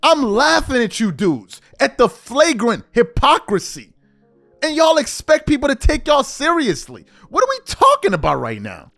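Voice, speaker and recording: With a very high, a bit bright voice that swoops wildly, this man speaks at normal speed while hosting a sports commentary channel. His monologue is an indignant, mocking rant in which he mimics whoever he quotes, backed by faint music.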